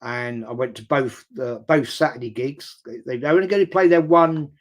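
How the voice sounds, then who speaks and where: An older man with a medium-pitched voice hosts a casual live-stream chat, reading viewer comments at a moderate pace. He rambles bluntly, swears casually, and repeats words for emphasis.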